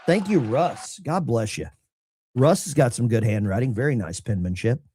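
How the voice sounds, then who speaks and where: Blunt, salty veteran man with lively pitch. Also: normal speed, slight background noise. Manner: salty, blunt, self-mocking. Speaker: veteran channel host reading viewer mail. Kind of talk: casual livestream chat.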